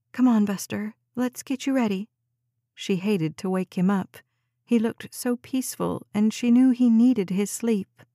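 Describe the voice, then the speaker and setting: A woman narrates a novel in a calm, measured audiobook reading. Her voice is mellow and dark in tone, recorded dry and close with no room sound. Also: medium pitch, dry recording.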